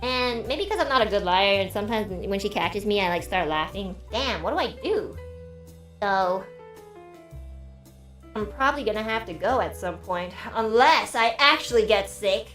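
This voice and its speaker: A woman's voice: mid-range voice, moderate pace. A young woman streamer in casual chat, telling stories animatedly and swearing freely. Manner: animated storytelling, swears, acts out quotes. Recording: roomy echo, faint music.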